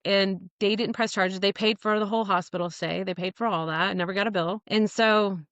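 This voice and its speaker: A woman's voice: mid-range voice, fairly quick, no room sound, muffled recording. Blunt, profane woman telling her story. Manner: blunt, profane, animated retelling with quoted dialogue. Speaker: podcast guest. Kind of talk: candid interview storytelling.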